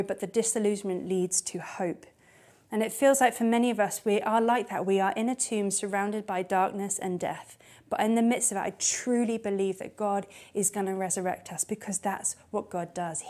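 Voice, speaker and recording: Candid woman preaching a sermon. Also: medium pitch. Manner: candid and personal, with soft hushed passages.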